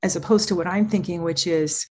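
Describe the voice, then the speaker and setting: An earnest woman speaking as a child therapist and parent coach, emphatic and animated as she explains her approach. Her voice sits somewhat low for a woman. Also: a little fast, slight background noise. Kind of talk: interview conversation.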